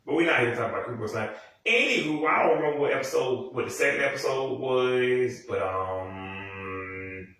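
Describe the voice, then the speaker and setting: A man's voice: mid-range voice, normal speed, fairly bright tone. Rambling man in an echoey room. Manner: rambling, meandering, profane, frequent "anywho" asides. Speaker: show recap host. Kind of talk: casual rambling episode recap. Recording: echoey room, mic far off.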